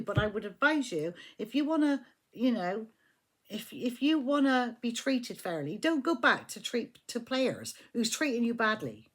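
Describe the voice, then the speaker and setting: On the high side, with big pitch swings and normal speed, a woman gives a casual, chatty tarot reading. She swears freely and keeps asking the listener "do you know what I mean".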